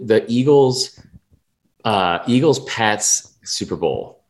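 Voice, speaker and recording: A man's voice: lowish voice, sing-song, measured pace. A young man co-hosting a casual sports betting podcast, talking in a rambling, profane way full of restarts and fillers. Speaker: podcast co-host.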